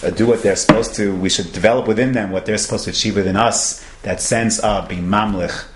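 A man's voice: on the low side, steady tone, fairly quick. A man giving a sermon, emphatic and storytelling, repeating phrases for effect. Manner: storytelling, emphatic repetition, Hebrew terms. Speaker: rabbi. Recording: echoey room with faint noise.

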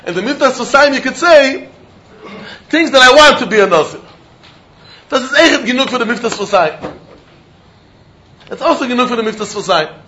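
High-voiced man giving a Talmud class. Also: animated, normal speed, long pauses, sharp tone, dull audio, a little hiss or hum. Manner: Yiddish-laced English, chanting question-and-answer. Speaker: Talmud teacher. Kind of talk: Talmud lecture.

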